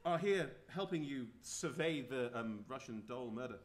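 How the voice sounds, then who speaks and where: A man's voice: mid-range voice, lively intonation, normal speed. A man running a comedic tabletop game as game master, narrating wryly and with amusement.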